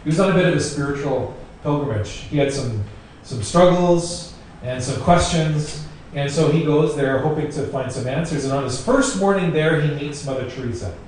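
A man's voice: on the high side, normal speed, a little mellow. A man preaching a sermon in a conversational way, repeating phrases for emphasis. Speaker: pastor. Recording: very echoey room, distant mic, faint noise.

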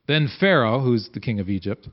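A man's voice: medium pitch, expressive, brisk. A man reading scripture aloud and explaining it as a Bible teacher, having his listeners repeat lines after him. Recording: dull lo-fi recording.

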